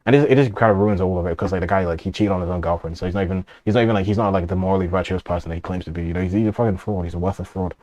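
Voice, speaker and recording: Fast-talking deep-voiced male streamer. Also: a little mellow. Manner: rambling, profane, laughs often. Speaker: streamer reacting to a video. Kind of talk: casual reaction stream.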